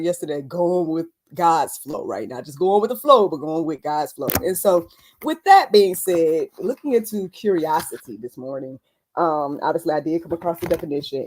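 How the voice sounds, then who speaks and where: A young adult woman hosting a casual faith talk livestream, chatty and animated, laughing often and speaking with many fillers. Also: deep voice. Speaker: host.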